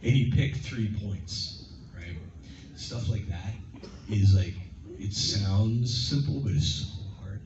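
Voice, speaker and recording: A man answering fan questions at a convention, telling stories in a lively, casual way and acting out lines in playful voices. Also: on the low side, slow, recorded from a distance, background noise. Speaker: guest at a fan convention panel. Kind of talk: casual Q&A storytelling. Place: large convention hall. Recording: muffled, echoey hall from afar. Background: crowd ambience.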